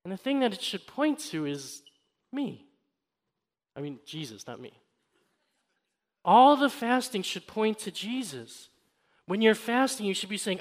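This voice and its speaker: A man with a high, light voice delivers a sermon. He tells a personal story in an easygoing, conversational way, then swells with emphasis on his key points. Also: animated, unhurried. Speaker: pastor.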